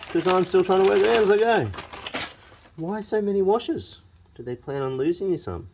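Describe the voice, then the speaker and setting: A man's voice: high voice, sing-song, a little fast, background noise. A man working on his truck in his shed and thinking aloud. He talks to the parts as he goes, wry and grumbling, and often pokes fun at himself. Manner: wry, grumbling, self-mocking. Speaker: home mechanic and channel host. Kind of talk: casual workshop vlog, thinking aloud. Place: home shed or garage.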